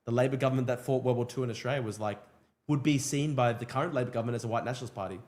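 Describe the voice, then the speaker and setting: A man hosting a livestream and commenting quickly and chattily on a speech at a rally. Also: medium pitch, a little mellow. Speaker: livestream host. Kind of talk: live commentary. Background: crowd.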